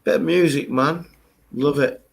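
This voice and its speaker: A man with a gravelly, husky voice who jokes and teases in casual banter. He trips over the first words of his sentences. It sounds like a remote call mic. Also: a little high, unhurried. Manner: teasing, stammers on starts.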